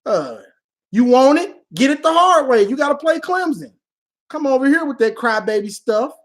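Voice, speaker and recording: Very high-pitched and highly animated, an online sports commentator answers fans at a moderate pace during a casual live Q&A. His talk is slangy and loose, with plenty of trash talk and frequent laughter.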